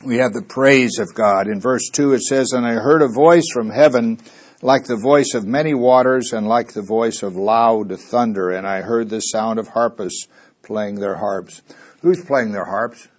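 A husky middle-aged male pastor from Missouri leads a Bible study. He reads scripture aloud with swelling emphasis and keeps asking his listeners questions. His voice sits at an ordinary middle pitch. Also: unhurried. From Missouri, USA.

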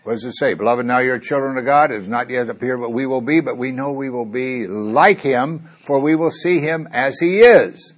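A husky middle-aged male pastor from Missouri leads a Bible study. He reads scripture aloud with swelling emphasis and keeps asking his listeners questions. His voice sits at an ordinary middle pitch. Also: normal speed, few pauses. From Missouri, USA.

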